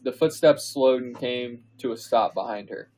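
A man co-hosting a podcast, reading fan fiction aloud in a comedic dramatic reading, pausing for laughs and asides. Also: mid-range voice, mellow, low-quality recording. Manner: reads slowly, breaks into laughs and asides.

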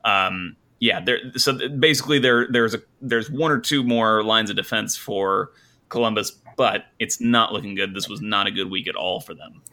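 A man's voice: on the low side, moderate pace, sharp tone. A man co-hosting a sports podcast in casual chat, rambling with plenty of fillers and restarts. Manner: rambling, lots of fillers and restarts, laughs often. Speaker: podcast co-host.

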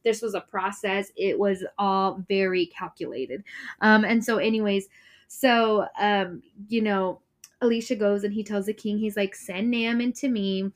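A chatty woman retells a Bible story in a relaxed, conversational way. She is expressive and playful, acting out the characters' lines as she goes, and her voice sits at an ordinary pitch for a woman. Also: measured pace. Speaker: Bible study presenter.

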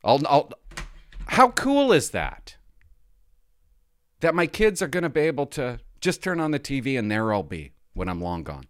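A man's voice: mid-range voice, animated, a little fast, few pauses, clean tone, no echo. Rambling, self-deprecating podcast host man. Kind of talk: casual monologue.

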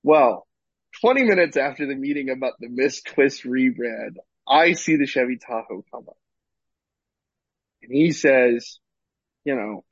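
Husky-voiced man telling a story. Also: medium pitch, a little slow, pauses often, no echo, highs cut off. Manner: animated storyteller, swears freely. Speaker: podcast co-host. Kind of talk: casual chat, storytelling.

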